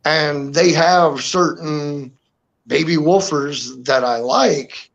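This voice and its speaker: A man hosting a casual live-stream chat, rambling and filling every pause with "you know". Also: on the high side, a bit bright, poor audio. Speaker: host.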